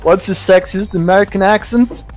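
A man's voice: sits high, moderate pace, faint music behind. A man chatting casually while gaming with friends, joking and laughing often. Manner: jokey, laughs often, asks questions. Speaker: stream co-player.

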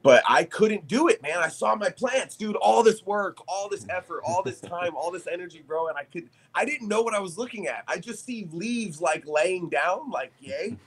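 A man, a podcast guest, telling a story in casual chat, animated and profane, laughing as he talks. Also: high voice, normal speed, hardly any pauses, breathy edge.

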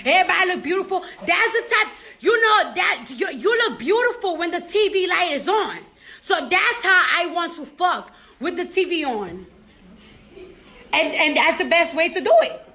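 A very high, bright-toned woman rants bluntly and crudely to her camera. Her voice rings out in a roomy, echoing space, heard from a distance away. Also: sing-song, moderate pace. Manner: brash, profane, blunt. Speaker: celebrity vlogger. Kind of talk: casual monologue to camera.

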